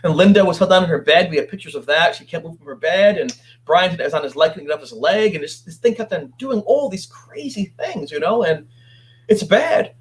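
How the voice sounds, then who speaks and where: A man telling his story as a guest on an interview show, animated and acting out what others said. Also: on the high side, fairly quick. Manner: animated, acts out quoted voices.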